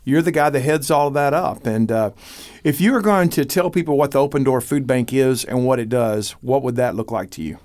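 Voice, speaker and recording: A man with a Texan accent, a pastor hosting a casual radio talk from a church studio, folksy and animated, breaking into blessings. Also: mid-range voice, a little fast. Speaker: pastor and podcast host.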